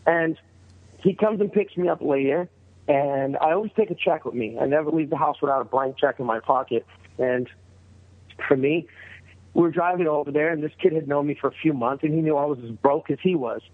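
A middle-aged man from New York, sitting in as a guest and spinning a story in loose, casual talk. His voice sits a little high for a man, and he keeps slipping into the voices of the people in his story. It all comes through a thin, tinny line that sounds like a phone. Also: a little fast. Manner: animated, acts out quoted voices in a higher pitch.

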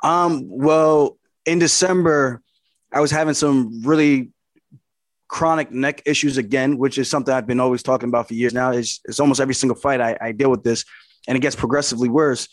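A man's voice: mid-range voice, steady tone, a little fast, no echo, studio quality. A man, a fighter being interviewed, telling his fight story in casual talk. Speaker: fighter guest.

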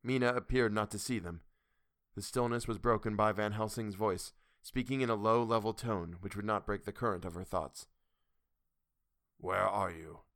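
A man narrates a classic novel with measured, steady pacing. His voice sits on the low side. The audiobook recording is dry and close, with no room echo. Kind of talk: audiobook reading.

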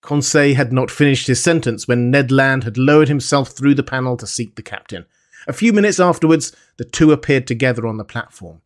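A man narrating a classic adventure novel aloud in a steady, measured reading. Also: mid-range voice. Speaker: audiobook narrator.

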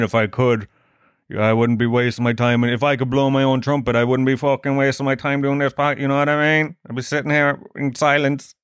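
A man's voice: mid-range voice, a bit bright, smooth, no room sound, studio quality. A young Irish man, a stand-up comedian, hosting his podcast in a crude, swearing, joking monologue.

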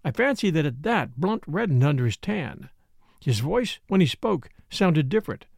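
A man reading a novel aloud in a measured, expressive narration. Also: fairly high pitch, gravelly, no room sound, studio quality. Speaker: audiobook reader. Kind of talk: scripted narration.

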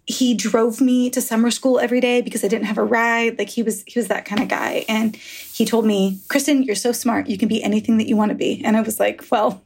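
Frank, gravelly-voiced woman author. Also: fairly high pitch, fairly even intonation, a little fast, a little mellow. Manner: frank, rambling, swears and laughs easily. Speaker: author guest. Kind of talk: candid interview conversation.

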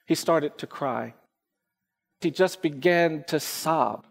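Man, middle-aged, high-pitched, earnest measured storytelling, lawyer giving a talk, long hall reverb. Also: creaky. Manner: earnest, measured storytelling that slows at heavy moments. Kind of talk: storytelling speech. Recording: speech in a reverberant hall with faint music.

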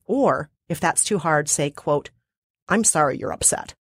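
A woman co-host reads through a list of steps with a dryly ironic edge. Her voice sits slightly low. It is recorded close, with almost no room sound. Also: lively intonation, measured pace, slightly rough, no echo. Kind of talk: scripted summary with wry asides.

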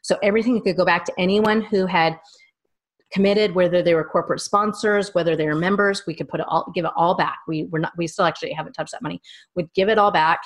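A woman in her thirties with a somewhat low voice, telling long personal stories as a guest. She rambles and circles back as she talks in an easygoing, conversational way. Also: steady tone, quick pace. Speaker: small business owner and guest. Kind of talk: casual interview chat.

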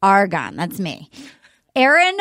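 A woman's voice: medium pitch, huge pitch swings, takes it slowly, a bit bright, no room sound, clean studio sound. A woman co-hosting a podcast in casual chat, bubbly and rambling, often correcting herself mid-sentence. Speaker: podcast co-host. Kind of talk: casual chat, promoting a live show.

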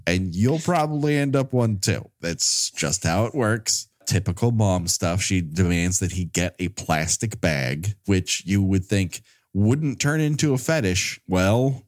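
A man co-hosting a podcast, recapping a horror film with sarcastic, crude, deadpan jokes in casual comedic commentary. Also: low voice, unhurried, no room sound, clean studio sound.

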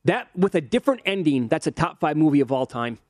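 Quick, animated male sports talk host. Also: a little high, no echo, clean studio sound. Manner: animated, acts out quotes in a mocking voice. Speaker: sports betting show host.

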